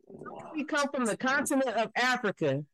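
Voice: mid-range voice, rough recording. A podcast co-host talking in casual chat, telling stories emphatically and with a lot of swearing. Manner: emphatic, profane storytelling.

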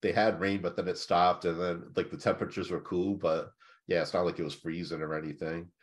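A very low-voiced man chats in a relaxed way. He agrees easily and rambles along with plenty of fillers. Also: a little fast. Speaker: co-host. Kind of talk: casual chat.

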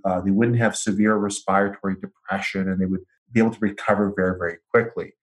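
A man as an interview guest, explaining in a measured, methodical way. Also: fairly low pitch. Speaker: psychiatrist guest.

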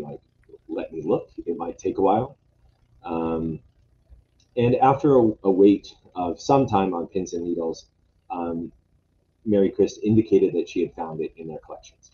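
A man's voice: low-pitched, warm tone. A man presenting lodge history in a casual talk, hesitant and full of fillers and restarts. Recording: dull lo-fi sound, faint noise.

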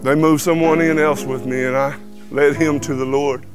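A man's voice: fairly high pitch, moderate pace, over music. A man giving a folksy personal testimony, acting out the voices of people in his story. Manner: animated storyteller who acts out quoted dialogue. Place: truck cab.

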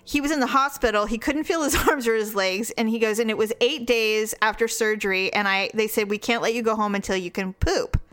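A woman co-hosting a casual chat, telling a story in an animated way, laughing often and acting out what others said. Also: a little high, a little fast, hardly any pauses, smooth. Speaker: podcast co-host.

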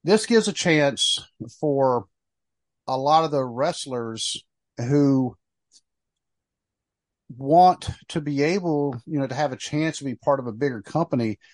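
A man's voice: medium pitch, measured pace, pauses often, no echo. A man hosting a wrestling podcast, talking casually with frequent fillers and restarts. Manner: rambling, fillers, trailing off. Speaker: podcast host. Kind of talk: casual chat.

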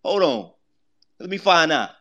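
A man's voice: on the high side, animated, a little slow, bright, forceful tone, muffled recording. A man hosting a live online audio room, teasing listeners and calling on them by name. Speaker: host of a fan call-in audio space.

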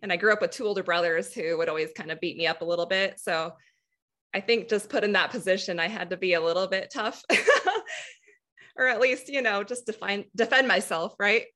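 Woman guest chatting easy, lots of laughs, sharp bright voice. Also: medium pitch, fairly quick. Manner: laughs often, relaxed storytelling. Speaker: guest athlete. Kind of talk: casual interview chat.

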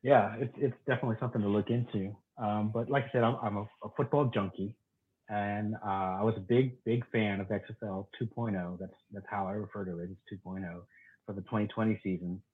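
Guest voice: low-pitched man, enthusiastic, tinny phone-like line. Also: steady tone, fairly quick. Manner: eager, enthusiastic football talk with restarts. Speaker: podcast guest and contributor. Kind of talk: casual chat.

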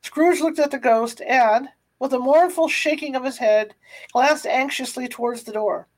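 A woman reading a classic novel aloud, unhurried, with small stumbles and restarts. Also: high voice, poor audio. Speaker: reader.

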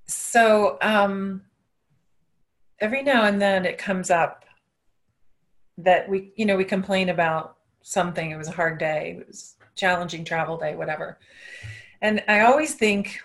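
A woman's voice: medium pitch, unhurried, pauses often. A woman who works as a dental practice consultant, giving earnest, practical advice in an interview. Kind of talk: interview answers.

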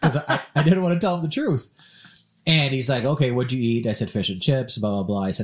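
A man from Minnesota co-hosting a podcast, telling a story in a casual, animated way and acting out the quoted voices. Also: mid-range voice, brisk. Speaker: podcast co-host.

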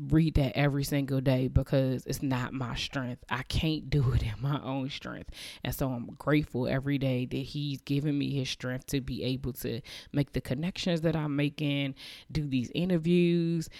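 A woman in her thirties hosting a podcast, talking earnestly and emotionally, with halting restarts and repeated phrases. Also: very deep voice, fairly even intonation, mellow, dry recording, studio quality. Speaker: podcast host. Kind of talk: heartfelt faith-based podcast monologue.

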